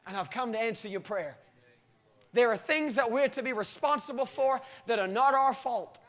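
A man preaching a sermon to his church, telling a story and reading scripture, his voice climbing to loud, drawn-out cries and then dropping low and quiet. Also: lively intonation.

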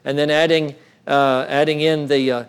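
A man's voice: on the high side, little pitch movement, moderate pace, clear, resonant tone. A male pastor telling a story in a sermon, with frequent restarts that build in intensity. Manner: storytelling, many restarts, rises in intensity when recounting.

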